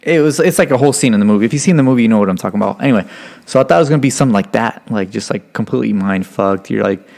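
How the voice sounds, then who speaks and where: A man's voice: mid-range voice, rapid-fire, creaky. A young man from Stockton, California, telling loose, profane stories as a podcast guest, heavy on "like" and "you know". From Stockton, California, USA. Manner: acts out quotes in lively voices. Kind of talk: casual podcast storytelling.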